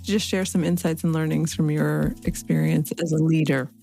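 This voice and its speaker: A woman's voice: deep voice, steady tone, moderate pace, gravelly, dark tone, faint music behind. A woman hosting an interview podcast, a supportive listener who affirms her guest and asks thoughtful follow-up questions. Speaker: podcast host.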